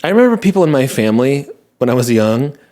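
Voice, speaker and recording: A man's voice: mid-range voice, sing-song, fast, dark tone. A man hosting a podcast, talking in a casual, rambling monologue and laughing at himself. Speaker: podcast host answering listener messages.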